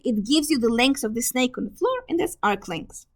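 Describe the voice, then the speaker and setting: A woman teaching a math lesson in a hoarse voice, explaining step by step and often clearing her throat. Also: on the high side, animated, moderate pace. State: hoarse from fever. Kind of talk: casual classroom lecture.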